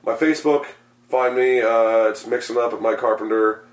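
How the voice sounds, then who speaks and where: A man hosting a casual podcast, rambling and swearing freely, his voice going hoarse. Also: mid-range voice, fairly even intonation, normal speed, reverberant. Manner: profane, rambling, self-mocking. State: losing his voice. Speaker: podcast host.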